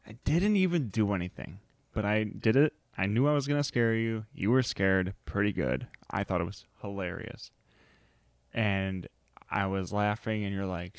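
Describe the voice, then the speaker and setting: A man's voice: fairly low pitch, expressive, moderate pace, no room sound. A man co-hosting a podcast, chatting casually and playfully with his wife, rambling and laughing often. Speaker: podcast co-host. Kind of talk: casual chat.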